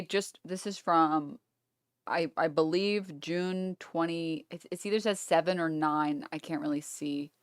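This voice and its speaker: A woman's voice: low voice, clean tone, no echo, studio quality. A woman live streamer in casual reaction mode, reading messages aloud in an offhand, stumbling way with blunt swearing asides.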